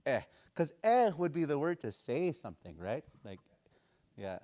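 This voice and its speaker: A man teaching a language class, slowly repeating phrases to drill pronunciation, with casual, folksy explanations. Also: a little high, very animated, mellow.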